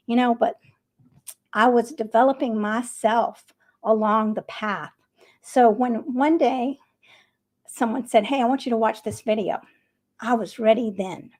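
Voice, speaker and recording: A middle-aged woman talking earnestly and gently, coaching her viewers in a casual vlog. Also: on the high side, creaky. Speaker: vegan vlogger. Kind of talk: casual advice talk to camera.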